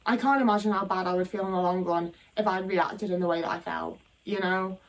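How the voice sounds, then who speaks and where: A British woman vlogger talks frankly into her phone camera in a casual, rambling monologue full of fillers and swearing. Her voice is on the low side with fairly even intonation and a brisk pace, picked up by a distant mic.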